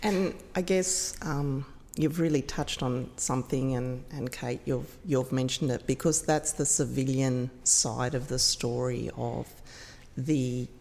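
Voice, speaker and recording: A woman co-hosting a podcast, talking to the guest in a slow, measured way. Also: extremely low pitch, fairly even intonation, a little mellow. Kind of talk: casual interview chat. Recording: long reverb.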